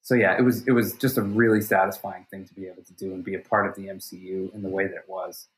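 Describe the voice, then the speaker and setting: A stunt performer being interviewed, telling stories casually with energy and frequent restarts. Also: male voice, low voice, level tone, quick pace. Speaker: stunt performer and fight coordinator guest. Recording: roomy echo.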